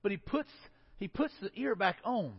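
High-voiced preacher in an echoing church. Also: male voice, animated, moderate pace, breathy edge. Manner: earnest preaching, drops low and soft for emphasis. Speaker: pastor. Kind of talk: sermon. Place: church sanctuary. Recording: dull sound with long hall reverb.

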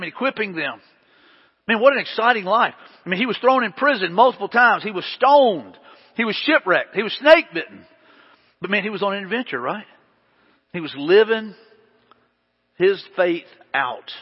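A man's voice: sits high, breathy edge. A man preaching to a congregation in a church hall, telling stories in a conversational way with folksy asides. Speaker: pastor. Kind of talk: sermon. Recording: long hall reverb, dull lo-fi sound.

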